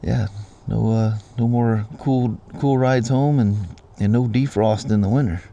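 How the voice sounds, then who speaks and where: A man's voice: medium pitch, fairly even intonation, measured pace, vocal fry, dark tone, lo-fi sound. A middle-aged man hosting a vlog, telling stories in a rambling, easygoing way with plenty of restarts. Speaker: vlog host. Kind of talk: casual chat.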